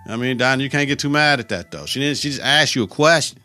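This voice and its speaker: Male podcast host, mid-range pitch, bright tone, animated slang-heavy recap. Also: fast talker, soft background music. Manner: profane, animated retelling with slang. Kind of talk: casual episode recap.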